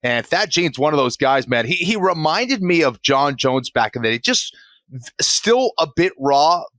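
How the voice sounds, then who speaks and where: A man's voice: a little high, big pitch swings, normal speed, a bit bright, no room sound. Easygoing enthusiastic male podcast co-host. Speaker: podcast co-host, fight commentator. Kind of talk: casual podcast chat.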